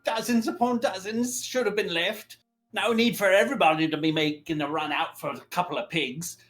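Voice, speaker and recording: A man voicing a scared, wheedling male goblin prisoner who talks in rough goblin dialect. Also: high voice, fairly quick, fairly bright tone. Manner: sly, pleading goblin dialect.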